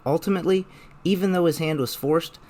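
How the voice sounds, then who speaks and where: A young man narrating a scripted video essay in a measured, explanatory way. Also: fairly high pitch, mellow.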